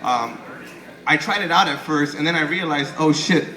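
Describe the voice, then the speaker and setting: A man's voice: a little high, moderate pace, bright, forceful tone. A young man doing a stand-up comedy set, rambling, swearing and stammering through restarts. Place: comedy club stage. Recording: echoey club with crowd noise. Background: audience laughing.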